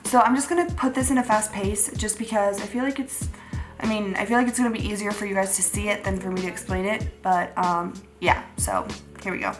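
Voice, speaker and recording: A woman's voice: medium pitch, steady tone, a little fast, music in the background. A young woman vlogging casually while doing her makeup, chatty and rambling, swearing offhandedly. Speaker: beauty vlogger. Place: room at home, seated at a makeup chair. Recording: roomy echo.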